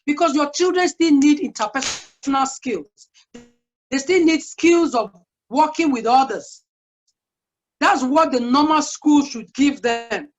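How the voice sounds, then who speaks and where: Speaking with a high-sitting voice at a measured pace, this woman guest speaker offers an earnest, conversational parenting talk rich with anecdotes from her own life. Sound quality is dull and lo-fi.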